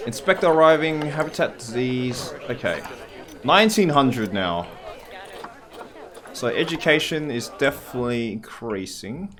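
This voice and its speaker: A man's voice: medium pitch, animated, a little slow, a crowd in the background. A man from Massachusetts giving casual, rambling let's-play commentary and chatting to the animals on screen. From Massachusetts, USA. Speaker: gameplay commentator. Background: faint game soundtrack music.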